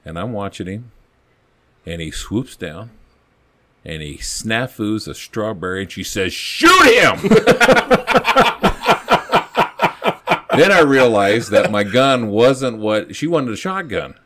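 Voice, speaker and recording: A man's voice: lowish voice, expressive, unhurried. A man telling a rambling, folksy story from his police days on a podcast, acting out the quotes as he goes. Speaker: podcast guest, former police officer. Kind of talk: casual storytelling.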